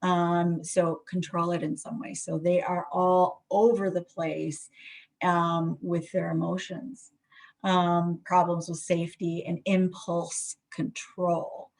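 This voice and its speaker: A woman's voice: fairly low pitch, level tone, slow pace, darkish tone. A middle-aged woman therapist giving a presentation on trauma in a conversational way, full of fillers and restarts.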